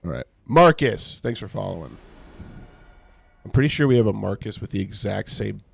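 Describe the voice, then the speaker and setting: A man with a rough, raspy, gravelly voice leads a casual Bible study on his livestream. He reads scripture aloud, then mocks it in sarcastic paraphrase. He keeps breaking off to react to his game and thank viewers in chat. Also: lowish voice, lively intonation, normal speed.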